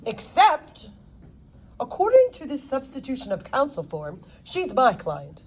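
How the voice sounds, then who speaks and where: A woman's voice: high-pitched, huge pitch swings, a little mellow, slight background noise, pitched above the performer's own voice, heavily acted. A woman voicing a polite, dapper male attorney with a British accent in an audiobook. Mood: breezy. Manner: polite, cheerfully brisk.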